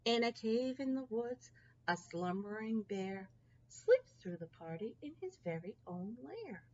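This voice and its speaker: A woman reading a picture book aloud in a slow, sing-song storytelling manner. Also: on the high side, very animated, darkish tone, dull audio. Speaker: storybook reader.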